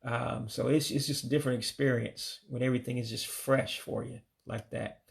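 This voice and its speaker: An American man giving a casual vocabulary lesson, saying each word slowly, repeating it, then giving its English meaning. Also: medium pitch, fairly even intonation, vocal fry. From United States. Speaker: language learner teaching vocabulary.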